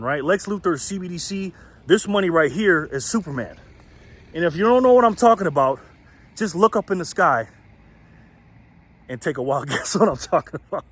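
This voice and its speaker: A man from the United States rants in a loose, blunt commentary vlog. His voice sits a little high for a man and swings widely in pitch, with frequent laughs breaking into his sentences. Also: dry recording. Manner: animated, blunt and profane, laughs often mid-sentence. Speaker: political commentary channel host. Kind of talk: casual ranting commentary vlog.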